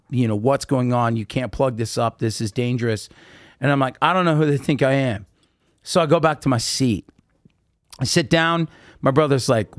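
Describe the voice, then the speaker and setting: A man's voice: mid-range voice, dry recording, studio quality. A man guesting on a podcast, telling long casual anecdotes with lots of fillers and restarts. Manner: rambling, animated anecdotes with many fillers. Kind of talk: casual storytelling interview.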